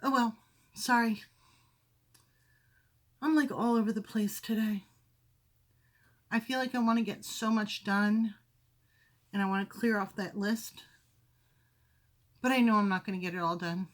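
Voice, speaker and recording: In a home craft room with windows, a woman with a steady, medium-pitched voice talks at a normal speed but pauses often. She hosts a crafting podcast, chatting and rambling about her projects, correcting herself as she goes and sounding briefly out of breath.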